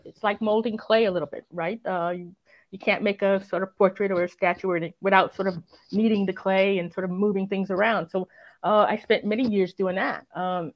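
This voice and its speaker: A woman who is a crime writer, speaking as an interview guest, reflective and earnest, often filling pauses with "um" and "sort of". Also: mid-range voice, muffled recording. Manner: reflective and earnest, many fillers and "sort of" hedges. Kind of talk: conversational interview.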